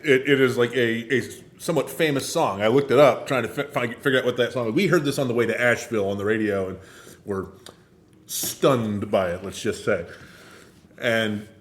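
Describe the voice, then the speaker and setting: A man's voice: mid-range voice, normal speed. A man co-hosting a podcast in casual chat, often restarting words and joking. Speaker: podcast co-host.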